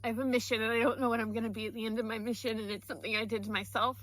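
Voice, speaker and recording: A woman's voice: fairly high pitch, flat delivery, rapid-fire, fairly bright tone. A woman in a personal vlog, talking straight to her followers in a heartfelt, earnest way. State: tearful. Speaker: vlogger.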